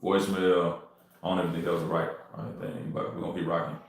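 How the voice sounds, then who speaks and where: In an echoey room at home, a deep-voiced man from Texas streams his real estate wholesaling cold calls. He talks fast and flat with vocal fry, addressing the chat loosely in slang.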